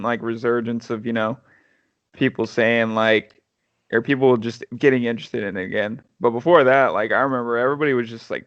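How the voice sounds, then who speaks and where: A man co-hosting a podcast, chatting casually and rambling, often trailing off quietly at the ends of phrases. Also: mid-range voice, dry recording, lo-fi sound. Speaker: podcast co-host. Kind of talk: casual chat.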